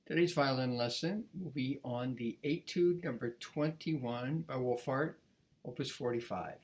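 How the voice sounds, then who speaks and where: A man giving a casual violin lesson, talking in a relaxed, rambling way with frequent restarts. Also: mid-range voice, measured pace. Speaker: violin teacher.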